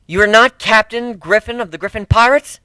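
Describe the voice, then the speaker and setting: A man's voice: high-pitched, brisk, sharp tone, clear, resonant tone, dry recording, pitched above the performer's own voice, rough recording. A man putting on a fierce cat-woman warrior. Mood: furious. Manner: accusing, hissing, proud formal speech.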